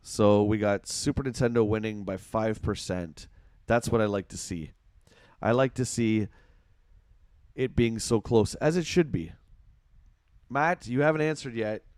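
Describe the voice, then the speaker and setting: A man's voice: fairly low pitch, measured pace, pauses often, a little mellow, no room sound, studio quality. A middle-aged Canadian man with an Ontario accent, chatting casually on a live game stream, reading out chat and reacting to play. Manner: chatty, reads chat aloud, reacts to gameplay.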